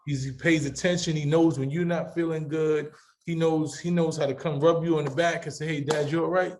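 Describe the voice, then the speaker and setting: A man's voice: a little high, fairly even intonation, fairly quick, darkish tone. A middle-aged man hosting a panel discussion, talking with passion and emphasis and repeating words as he builds his point. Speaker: talk show host.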